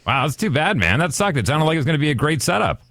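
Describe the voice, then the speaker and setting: A man's voice: fairly high pitch, sing-song, racing, a bit bright, no room sound. A man hosting a podcast in casual chat, reacting to his co-host and telling his own stories.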